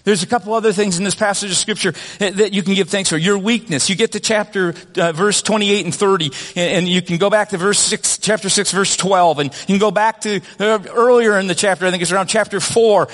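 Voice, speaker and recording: Male pastor, self-mocking storyteller, rambles and corrects himself, voice on the higher side. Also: steady tone, brisk, fairly bright tone. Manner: self-deprecating storytelling with many restarts. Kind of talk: sermon with personal story. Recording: long reverb of a church hall.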